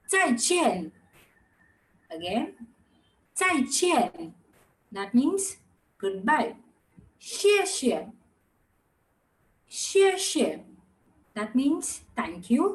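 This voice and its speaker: A high-pitched woman leads an online language class. She explains patiently and repeats practice words slowly so learners can follow. Her voice comes through a computer mic on a video call. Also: poor audio. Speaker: Mandarin teacher.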